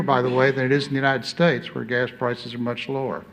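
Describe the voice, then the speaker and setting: A man's voice: mid-range voice, flat delivery, fairly quick, hardly any pauses, dull audio. A middle-aged man, an ambassador on a conference panel, making his point emphatically with rhetorical questions and repeated "okay?".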